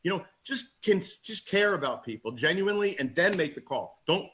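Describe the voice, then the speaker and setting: A man talking as a sales agent on a group call, excitable and rambling, quick to laugh and calling himself a goofball. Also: high voice. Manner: self-described goofball. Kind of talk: casual call-in chat.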